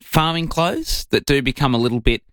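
A man's voice: mid-range voice, moderate pace, smooth, no room sound, studio quality. A man co-hosting a breakfast radio show, chatting in a playful, jokey way. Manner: playful, lively, jokey delivery. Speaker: radio co-host.

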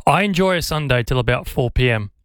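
A man's voice: medium pitch, expressive, fast, clean tone, no room sound. A young man hosting a breakfast radio show in an upbeat, chatty way. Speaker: radio host.

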